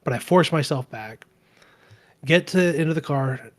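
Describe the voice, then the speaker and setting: A man's voice: fairly high pitch, measured pace. A man around forty, co-hosting a podcast and telling a long personal story in casual chat, often restarting his sentences and acting out what others said. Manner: rambling, self-correcting storyteller who acts out quoted dialogue. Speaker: podcast co-host.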